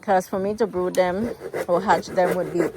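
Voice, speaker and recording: A woman's voice: on the low side, fairly even intonation, normal speed, very noisy. An American woman vlogging casually outdoors about her farm animals and plants, chatty and coaxing with the animals. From United States. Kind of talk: casual vlog narration.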